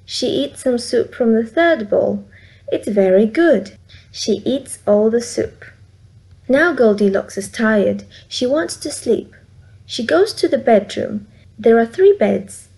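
A woman's voice: a little high, lively intonation, darkish tone. Vietnamese-accented woman reading a storybook. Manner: slow, clear, simple sentences. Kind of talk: storybook read-aloud.

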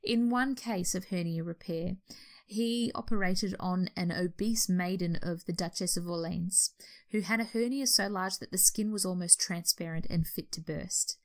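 Speaking at a normal speed in a lowish voice, this Australian woman, who works as a nurse educator, talks through a history topic casually. She frequently restarts and fixes her own wording mid-explanation.

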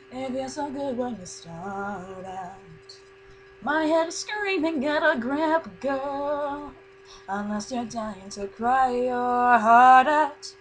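A woman voicing a sardonic, world-weary young cartoon woman with a dry, low drawl. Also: rough recording.

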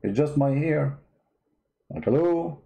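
Man, sarcastic commentary, lively rising and falling pitch, slightly high voice. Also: slow pace, vocal fry, low-quality recording. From Middle East. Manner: sarcastic, mock-bewildered. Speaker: host. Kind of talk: comedic religious commentary.

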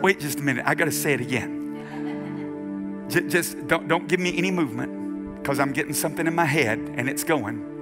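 A male pastor preaching a sermon in a church, building from quiet emphasis to shouted, half-sung refrains. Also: a little high, moderate pace, long pauses. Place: church sanctuary with keyboard accompaniment. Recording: live church service with music behind. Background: keyboard music.

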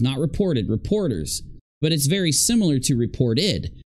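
A man's voice: mid-range voice, sing-song, normal speed, a little mellow. A man giving indignant reaction commentary on video clips, stressing points by repeating them.

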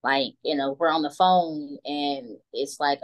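A young woman chatting as a podcast guest, giggly and animated, often dropping into quoted voices. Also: low-pitched, brisk, few pauses, poor audio. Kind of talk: casual chat on a call.

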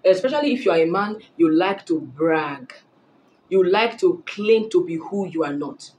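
A woman's voice: on the low side, lively intonation, normal speed, a little mellow, slight background noise, low-quality recording. Emphatic woman giving blunt dating advice. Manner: emphatic, preachy, repeats phrases for emphasis. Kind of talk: direct-to-camera advice talk.

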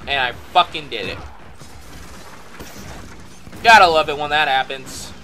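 A man giving live gameplay commentary, excitable and profane, muttering one moment and shouting the next. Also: fairly high pitch, unhurried, a little hiss or hum.

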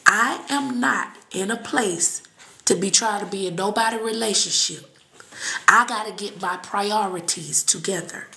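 A woman reading and chatting on a live stream, blunt and profane, with sudden shouts and laughs. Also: mid-range voice, measured pace, creaky, reverberant. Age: adult with children. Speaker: psychic reader on a live stream. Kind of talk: casual live-stream talk.

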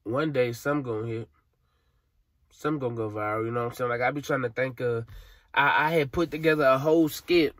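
A man's voice: medium pitch, fairly quick, a bit bright, no echo, studio quality. Tearful young man venting. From Alabama, USA. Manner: frustrated, rambling, profane, slangy. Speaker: vlogger. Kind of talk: emotional vent to camera.

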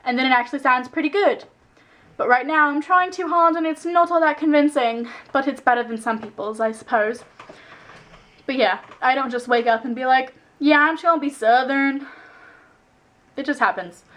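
Young woman, casual home vlogger, chatty and rambling, slips into accents; slightly high voice. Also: brisk, a bit bright. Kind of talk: casual vlog chat. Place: at home indoors.

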